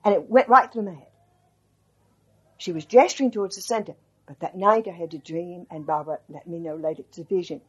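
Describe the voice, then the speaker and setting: A woman's voice: lowish voice, a little fast, husky, muffled recording. An older woman animatedly recalling a story in an interview, acting out what people said. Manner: animated, quotes people, restarts often. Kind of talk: storytelling reminiscence.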